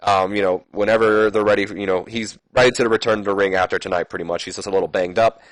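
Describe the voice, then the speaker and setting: A man's voice: on the low side, fairly even intonation, fast talker, no room sound. A man casually narrating a simulation game, rambling with fillers and correcting his own slips. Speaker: let's play commentator.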